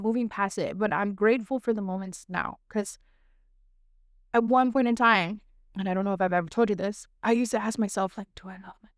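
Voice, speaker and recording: Earnest young woman, smooth and candid. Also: mid-range voice, dry recording, clean studio sound. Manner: earnest, candid, talks in long flowing runs with frequent "like" and "right?". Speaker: podcast host. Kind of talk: casual heartfelt conversation.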